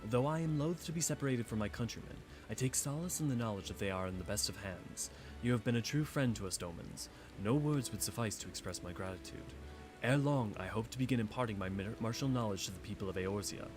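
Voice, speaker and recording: A man voicing a reserved female ninja from a far land, speaking in courteous, archaic, measured phrases. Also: on the low side, animated, over music, voice pushed down, natural voice.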